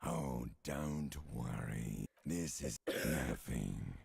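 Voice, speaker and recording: A slow, raspy, menacing inner voice. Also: male voice, very deep voice, darkish tone, no room sound, full character voice. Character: menacing deep male inner voice.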